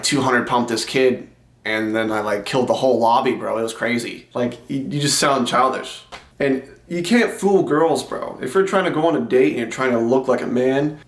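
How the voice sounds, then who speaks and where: A young man lectures straight at the camera in a plain, mid-pitched voice, preachy and direct, tossing in "bro" to the viewer. The room around him is echoey and bare. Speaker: self-improvement YouTuber. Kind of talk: casual advice vlog.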